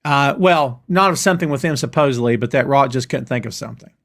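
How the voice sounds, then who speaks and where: A middle-aged man hosting a wrestling live stream, ranting and reading viewer comments in a casual, animated way. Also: mid-range voice, quick pace. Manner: animated, ranting, addresses chat as "brother" and "dude". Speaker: host of a wrestling show.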